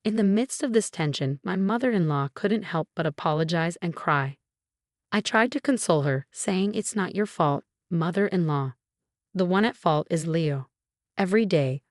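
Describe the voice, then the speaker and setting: A woman narrating a dramatic family story in a scripted, measured reading voice. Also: lowish voice, a little mellow, no room sound, studio quality.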